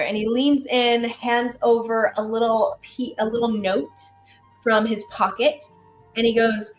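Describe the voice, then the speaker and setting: A woman narrating as game master in a relaxed way, with many fillers. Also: a little high, takes it slowly, faint music behind.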